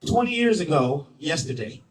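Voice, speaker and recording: A theatrical man tells a story on stage, his high voice swooping up and down. He swings between loud lines and hushed ones and repeats phrases for effect. He is heard from some way off the mic. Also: very animated, normal speed, recorded from a distance, low-quality recording. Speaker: spoken-word performer at a festival. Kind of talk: dramatic personal storytelling.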